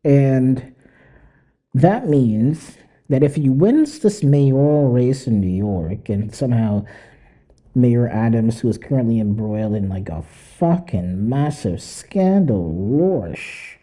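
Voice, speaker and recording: A young man talks alone on his podcast in a dark, husky voice, rambling, swearing and mocking as he laughs along. His pitch swings widely from low mutters to high, sarcastic put-on lines. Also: animated, slow. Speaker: podcast host. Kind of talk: casual solo commentary.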